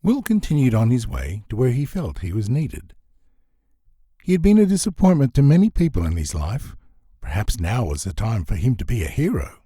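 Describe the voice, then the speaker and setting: A man narrates a comic novel in a husky, breathy voice. His delivery is animated and expressive, rising and falling widely to land the jokes. The recording is dry and close. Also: normal speed, no echo. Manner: expressive, swings pitch for comic effect. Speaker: audiobook narrator.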